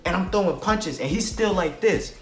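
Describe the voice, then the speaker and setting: A man's voice: sits high, moderate pace. A young man telling a personal storytime vlog in casual slang, acting out quotes and sound effects. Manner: animated retelling, acts out quotes and sound effects. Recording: echoey room with faint music.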